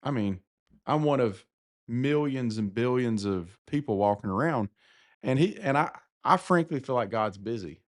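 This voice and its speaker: A man's voice: mid-range voice, expressive, normal speed. A man with a Southern US accent co-hosting a casual podcast, talking candidly and with self-deprecating humor. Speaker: podcast co-host. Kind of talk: casual conversation.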